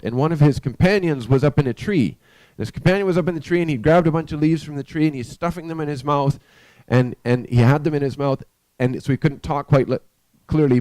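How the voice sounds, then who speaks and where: A man with a mellow, dark voice recounts a story at an unhurried, conversational pace. His sound is dry and close, with no room echo. He now and then turns to his listeners with a question. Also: medium pitch. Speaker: live stream host. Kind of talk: spoken storytelling with a spiritual message.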